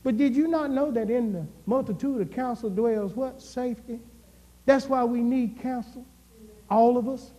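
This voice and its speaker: A man's voice: very high-pitched, normal speed, warm tone. A male pastor a sermon, with call and response and swings in intensity. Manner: preaching with call and response, rising and falling intensity. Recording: reverberant church hall.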